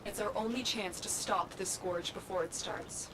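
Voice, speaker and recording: A woman voicing a calm female mission handler in a video game, briefing orders in a measured way, heard through game audio with noise behind. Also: mid-range voice, lightly acted.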